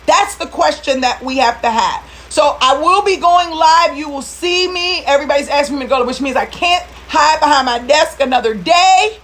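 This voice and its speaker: A middle-aged woman with a high voice talks straight to her viewers in a motivational live video. She is fired up and preachy, rallying her listeners. Emotion keeps pushing her close to tears. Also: animated, moderate pace, few pauses, a bit bright. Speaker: recruitment business coach.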